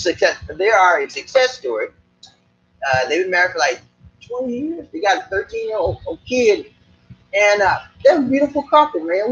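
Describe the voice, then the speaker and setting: Chatty Geechee-accented man, lively pitch. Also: lo-fi sound. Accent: Gullah Geechee, Charleston. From Charleston, South Carolina. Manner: chatty, repeats himself, talks to viewers directly. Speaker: live stream host. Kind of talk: casual live stream chat. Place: Philippines, Cebu area.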